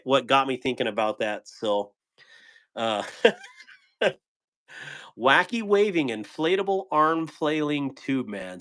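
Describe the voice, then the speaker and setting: A man's voice: mid-range voice, a bit bright. A man hosting a live stream, reading and answering chat comments in a playful way, laughing often and tripping over tongue twisters.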